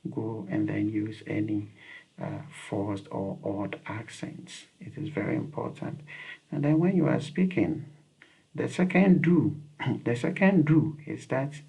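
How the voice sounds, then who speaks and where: Guy explaining visa tips, earnest and repetitive, husky gravelly voice. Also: mid-range voice, dark tone, low-quality recording. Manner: earnest, repeats key points, frequent fillers. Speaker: visa interview advisor. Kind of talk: instructional talk to camera.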